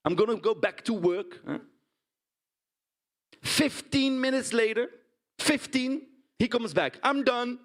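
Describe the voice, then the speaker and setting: An actor with a Dutch accent plays a blunt, indignant pig farmer in a stage monologue, often tagging lines with "huh?" and "right?". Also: male voice, extremely high pitch, takes it slowly, pauses often, exaggerated voice. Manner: blunt, animated storytelling with frequent "huh?" and "right?" tags. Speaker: stage performer. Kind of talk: theatrical monologue.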